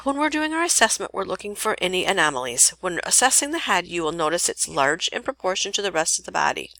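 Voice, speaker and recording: A woman nursing instructor reading a lecture podcast in a steady way, now and then correcting herself mid-sentence. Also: on the low side, quick pace, dry recording.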